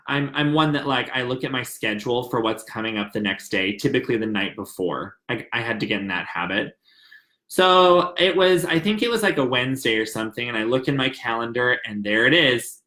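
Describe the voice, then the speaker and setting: A man's voice: medium pitch, pushed and bright, echoey room. A young man from the American South, telling a personal story in an earnest, emotional, rambling way. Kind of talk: personal story, casual retelling.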